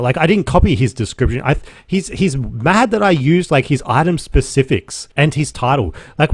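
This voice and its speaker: Young Aussie guy, podcast host, middle pitch, sweary and sarcastic, casual rant, dry close recording. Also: no room sound. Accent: Australian. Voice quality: animated, swears freely, sarcastic. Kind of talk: casual ranting monologue.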